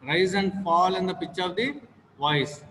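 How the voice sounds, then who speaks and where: A man's voice: high-pitched, lively intonation, measured pace, a bit bright. A man teaching English in an online class, repeating phrases again and again for his students to echo. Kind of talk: online class lecture with call-and-repeat drills. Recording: long reverb, faint noise.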